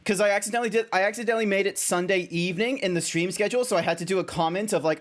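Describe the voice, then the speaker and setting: A young Australian man talks to his stream viewers in a loose, rambling way. He doubles back and restarts his sentences often. His voice sits a little on the high side for a man. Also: rapid-fire, hardly any pauses. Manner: rambling, self-correcting, chatty. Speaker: VTuber streamer. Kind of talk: casual stream chat.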